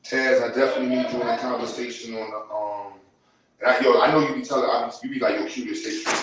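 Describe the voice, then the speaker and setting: A man's voice: mid-range voice, steady tone, fast talker. A man hosting a livestream, ranting in blunt street slang, rambling and heated. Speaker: livestream host. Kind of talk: casual livestream rant. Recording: roomy, with loud background noise.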